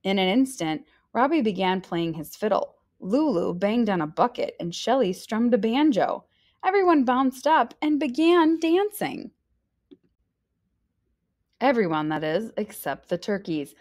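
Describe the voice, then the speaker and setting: Lively woman reading a storybook aloud. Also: on the high side, a little slow. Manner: lively, expressive reading with voices.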